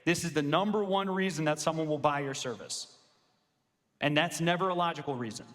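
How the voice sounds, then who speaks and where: A man coaching law firm owners in a live sales presentation, energetic and casual, with slangy asides. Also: a little high, fairly quick. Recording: long reverb of a large hall.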